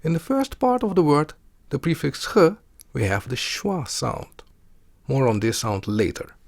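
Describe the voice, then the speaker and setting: A man teaching a pronunciation lesson in a deliberate, explanatory way. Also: medium pitch, wildly swooping pitch, creaky, dry recording. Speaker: language teacher.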